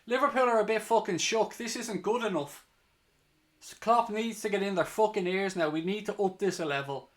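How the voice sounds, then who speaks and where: Brief male fan host, fairly high voice, live play-by-play breaking into angry cursing rants. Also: moderate pace. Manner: sweary, heated, ranting between play-by-play. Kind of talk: live match reaction commentary.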